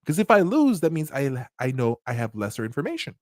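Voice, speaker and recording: A man hosting a commentary channel, talking casually in an animated, profane way and often laughing. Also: mid-range voice, a little fast, no room sound, clean studio sound.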